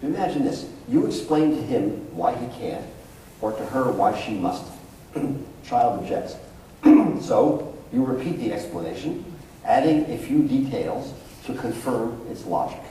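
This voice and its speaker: Male psychologist speaker, mellow tone, anecdotal storyteller who acts out quotes, heard from a distance in a very echoey school hall. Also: medium pitch, expressive, measured pace, slight background noise. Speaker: psychologist giving a talk to parents. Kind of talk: public talk to an audience.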